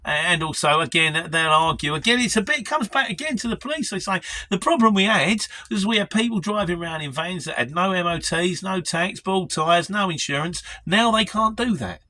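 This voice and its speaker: A man's voice: sits high, animated, fairly quick, few pauses, bright, forceful tone. A middle-aged man with a London Mockney accent, chatting casually and self-deprecatingly as he answers viewer questions on his vlog. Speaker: lorry driver vlogger.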